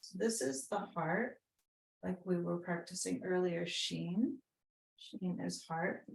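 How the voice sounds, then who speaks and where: A woman instructor slowly guiding a class through tracing calligraphy and spoken affirmations, with patient, step-by-step instructions. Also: fairly low pitch, fairly even intonation, creaky, low-quality recording. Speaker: wellness instructor. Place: wellness center session. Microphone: unplugged microphone, then plugged back in.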